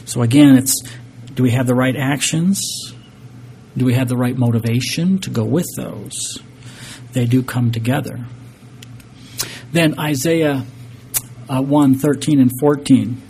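A man's voice: mid-range voice, a little slow, creaky, long pauses, mellow, slight background noise. A man preaching a sermon, earnest and emphatic, reading scripture and explaining it to a congregation. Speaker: pastor.

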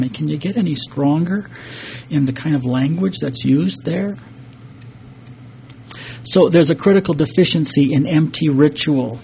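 A man's voice: fairly high pitch, unhurried, gravelly, long pauses, dark tone, slight background noise. A man preaching a sermon, earnest and emphatic, reading scripture and explaining it to a congregation. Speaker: pastor.

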